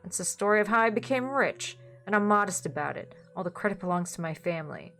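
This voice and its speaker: A woman reading a dark comic story aloud in a wry, deadpan manner. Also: mid-range voice, quick pace, faint music behind. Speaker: story reader.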